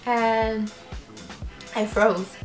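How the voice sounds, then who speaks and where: A young woman vlogger telling a story in a casual, animated way, acting out voices and laughing often. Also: fairly high pitch, very slow, echoey room, music in the background. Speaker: YouTube vlogger.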